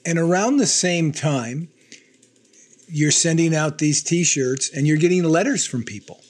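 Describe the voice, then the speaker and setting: A man interviewing a guest, recapping her story in measured words before asking his question. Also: on the high side.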